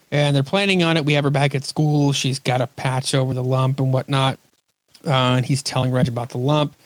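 A man's voice: mid-range voice, flat delivery, moderate pace. A man hosting a podcast, chatting casually and recapping comic scenes in a rambling way. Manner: rambling, recaps scenes, acts out quoted lines. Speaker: podcast host. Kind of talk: casual chat about comics.

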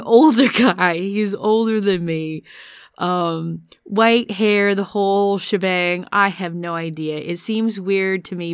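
A woman's voice: fairly low pitch, smooth, dry recording. Chatty, laughing woman on a dry mic. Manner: chatty and self-deprecating, laughs often. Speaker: therapist sharing personal parts work. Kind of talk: casual personal podcast monologue.

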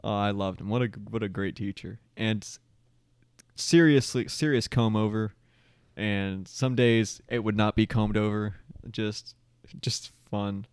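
Here a young male podcast co-host chats casually, kidding around with playful stubbornness and frequent laughter. He speaks in a smooth, lowish voice without hurrying, and there's no echo.

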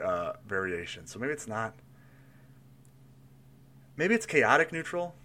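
Bright-voiced man thinking aloud. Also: fairly low pitch, lively intonation, normal speed, long pauses. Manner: rambling, thinks aloud with restarts and laughs. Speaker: player building a tabletop character. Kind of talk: casual chat.

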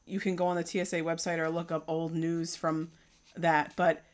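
A woman's voice: sits low, level tone, normal speed. A woman co-hosting a casual chat, adding details in an easygoing way with some "um"s. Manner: easygoing, adds details, hesitant fillers. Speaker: co-host.

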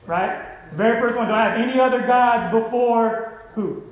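A man's voice: very high voice, moderate pace, echoey room, phone-quality sound. A man preaching a sermon as pastor, conversational and often checking in with the congregation. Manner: conversational, keeps asking the congregation "right?".

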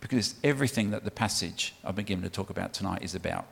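Low yet fairly bright in tone, this man's voice is husky and creaky, and he talks very fast. A preacher from the UK, he gives a punchy, conversational sermon in a large reverberant church, prompting the congregation to call back.

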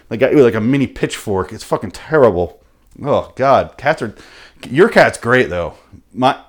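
A man riffing through an unscripted comic monologue, profane and animated, with sudden loud bursts. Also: mid-range voice. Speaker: comedian host.

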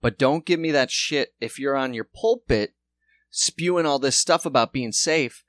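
A man's voice: mid-range voice, measured pace, fairly bright tone, no echo. A man co-hosting a podcast, rambling sarcastically and swearing a lot in casual chat. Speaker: podcast co-host.

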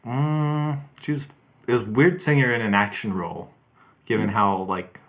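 A man co-hosting a casual movie chat, thinking out loud in a hesitant way. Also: mid-range voice, steady tone, normal speed. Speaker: co-host.

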